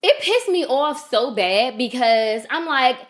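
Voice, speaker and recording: A woman's voice: high voice, takes it slowly. Woman co-host ranting through a story. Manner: animated ranting storyteller, swears freely. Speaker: podcast co-host. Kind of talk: casual chat.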